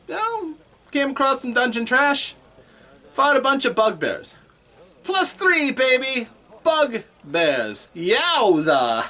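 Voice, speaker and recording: Boastful bard comic, played by a man, in-character stand-up, bright lively delivery, laughs at own puns. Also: very high-pitched, heavily acted. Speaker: stand-up comedian.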